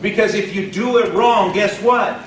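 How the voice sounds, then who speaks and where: A man from Texas giving an energetic motivational training talk to a live audience, often putting questions to the room. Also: sits high, moderate pace, crowd noise. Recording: roomy echo from far off, faint ambience.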